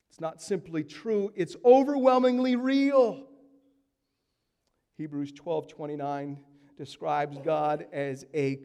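A man preaching a sermon with emphatic delivery, dropping to hushed tones and building to loud peaks. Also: a little high, clean tone, in a large hall.

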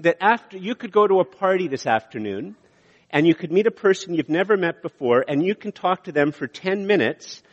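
A man in his sixties, a pastor preaching a sermon in an earnest, repetitive way with pauses and fillers. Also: high-pitched. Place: church hall. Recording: echoey church hall, slightly dull sound.

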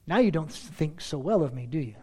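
A man reading scripture aloud expressively, then speaking softly and personally as a preacher. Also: a little high, fairly quick, husky. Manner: expressive reading, then soft confessional talk.

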